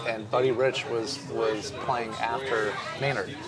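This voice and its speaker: Animated male drummer telling stories. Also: medium pitch, unhurried, crowd noise. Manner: animated storyteller, swears casually. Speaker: drummer guest. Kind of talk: casual storytelling interview.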